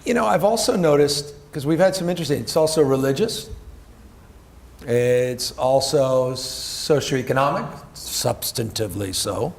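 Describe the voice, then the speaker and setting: Gravelly-voiced man, quick and joking. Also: mid-range voice, expressive. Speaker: political candidate at a forum. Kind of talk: casual onstage conversation.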